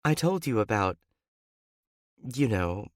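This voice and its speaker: A man voicing a soft, hesitant woman in love. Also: on the low side, very animated, slow pace, dry recording, clean studio sound, pitched above the performer's own voice. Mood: tender teasing. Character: guarded tender woman in love.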